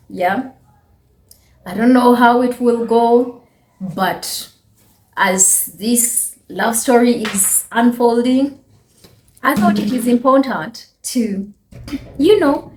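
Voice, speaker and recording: Slow-talking Ugandan woman host, echoey room. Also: mid-range voice, a little mellow, slight background noise. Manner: slow, measured, chatty, with many pauses. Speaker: channel host. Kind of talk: reaction video commentary.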